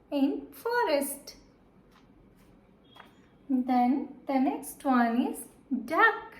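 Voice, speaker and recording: Woman teacher for a kids' lesson, high voice, very slow and repetitive, echoey room. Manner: slow, repetitive, asks and answers questions. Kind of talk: children's lesson.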